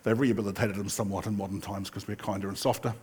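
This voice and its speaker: An older man preaching a sermon in a relaxed, chatty storytelling way, with asides and the occasional laugh. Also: on the low side, very fast, breathy edge. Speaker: pastor.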